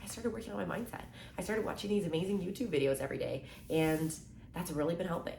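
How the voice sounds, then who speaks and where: A woman in her twenties giving casual motivational talk to camera, chatty and upbeat, acting out quick little exchanges and saying "like" and "right?" a lot. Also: lowish voice, creaky, darkish tone, a little hiss or hum. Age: 20s. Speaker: mindset content creator. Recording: echoey room with faint ambience.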